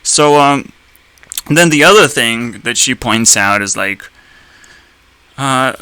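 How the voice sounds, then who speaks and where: A man's voice: medium pitch, expressive, takes it slowly, pauses often, pushed and bright, smooth, no room sound, rough recording. A young man ranting in a blunt, sarcastic way, swearing often and laughing at his own jokes. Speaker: streamer. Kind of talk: profane ranting commentary.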